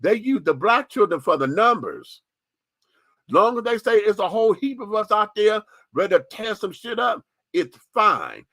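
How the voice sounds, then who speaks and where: A man's voice: high voice, big pitch swings, normal speed, pushed and bright, no echo. A man hosting a radio show, giving a candid, profane, sassy opinion monologue with lots of emphasis.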